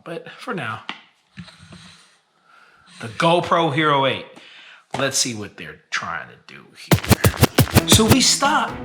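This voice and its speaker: A woman vlogger telling a family story in a casual, animated way, full of fillers and restarts. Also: very deep voice, background noise. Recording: echoey room with music behind.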